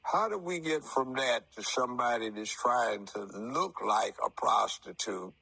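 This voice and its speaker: Gravelly, slow-talking man in his seventies. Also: medium pitch, lively intonation, pushed and bright, slight background noise, rough recording. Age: 70s. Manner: slow, deliberate storytelling with formal word choices. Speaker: retired TV judge giving his views. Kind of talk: interview talk.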